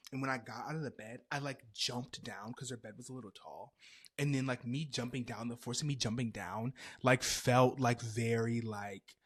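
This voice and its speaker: A man hosting a podcast, telling a comedic story in a dramatic, animated way with frequent laughter. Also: medium pitch. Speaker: podcast host.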